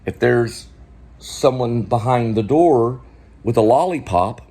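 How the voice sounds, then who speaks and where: A man vlogging about acting technique, rambling and asking the viewer quick questions. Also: mid-range voice, lively intonation, warm tone, breathy edge. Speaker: vlogger and actor teaching acting. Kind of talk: casual acting talk to camera.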